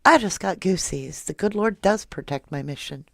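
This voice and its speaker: A woman's voice: lowish voice, lively intonation, normal speed, creaky, dry recording, studio quality. A woman hosting a live true crime stream, chatting casually and emotionally with viewers and reading their comments aloud. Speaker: true crime livestream host. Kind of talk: casual livestream chat with viewers.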